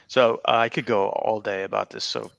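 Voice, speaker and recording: A man's voice: on the low side, fairly even intonation, normal speed, creaky, a bit bright, no echo. A young man working as an intern, earnestly explaining his work on a panel with frequent fillers.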